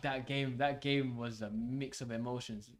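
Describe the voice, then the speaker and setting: A young man hosting a live football watch-along, swearing and shouting at the match as it unfolds. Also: medium pitch, measured pace, a little hiss or hum. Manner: swearing, excitable, shouts at the game. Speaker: fan channel host.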